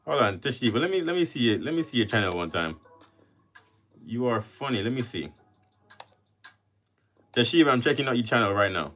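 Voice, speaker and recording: A man's voice: medium pitch, very animated, fairly quick, long pauses, a bit bright, soft background music. A man from Jamaica with a Jamaican accent, hosting a casual livestream and chatting with viewers as he reads their comments aloud. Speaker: livestream host.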